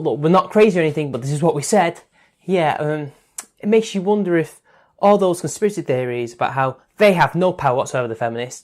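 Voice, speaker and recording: A man from Northern Ireland ranting sarcastically in an opinion commentary vlog. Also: medium pitch. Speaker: online commentator.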